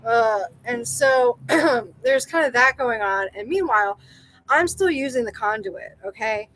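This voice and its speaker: A young woman telling a personal story in casual chat, rambling with lots of fillers and animated self-quoting. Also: a little high, measured pace, slight background noise, low-quality recording. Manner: rambling, full of likes and you-knows, animated quoting. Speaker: podcast guest.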